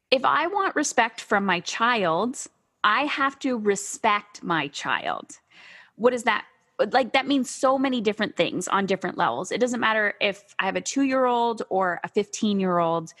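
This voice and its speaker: A woman hosting a podcast interview, telling stories and acting out herself and her kids in a lively, casual way. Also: medium pitch, a little slow. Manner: animated storytelling, acts out her kids and herself. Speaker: podcast host.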